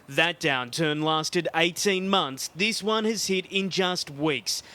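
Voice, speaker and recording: Male correspondent, slightly high voice, deliberate and emphatic. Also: sharp tone. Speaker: foreign correspondent. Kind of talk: news report voice-over.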